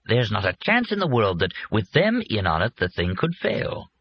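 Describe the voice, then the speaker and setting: Guy doing a smooth-talking older dealer, confident dad type, kinda husky, dull lo-fi sound. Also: on the low side, wildly swooping pitch, moderate pace, no echo, voice pushed up, full character voice. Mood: eager. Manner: persuasive, matter-of-fact explaining. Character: shrewd older male land speculator, calm and confident. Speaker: father. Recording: muffled lo-fi recording.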